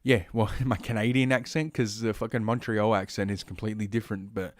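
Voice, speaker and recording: A man's voice: fairly low pitch, flat delivery, fairly quick, no room sound, studio quality. A man with an Australian accent hosting a solo podcast, reading news stories aloud and breaking off into rambling, profane, sarcastic asides. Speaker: podcast host.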